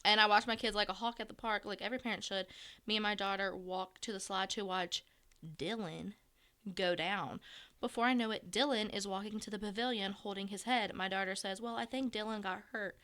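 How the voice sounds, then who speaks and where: A woman reads a listener's story on a chatty podcast. Her voice is bright and clear, with a smooth, crisp tone. She keeps her delivery blunt and a little profane. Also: medium pitch, steady tone, a little fast. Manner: bantering, profane, dry jokes. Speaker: podcast co-host. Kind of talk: casual chat, reading a listener story aloud.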